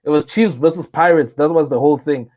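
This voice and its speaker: A man's voice: a little high, fairly quick, lo-fi sound. A young South African man, a comedian guest in an interview, telling stories animatedly and acting out the voices of the people in them. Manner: animated, acts out quoted voices. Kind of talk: casual interview storytelling.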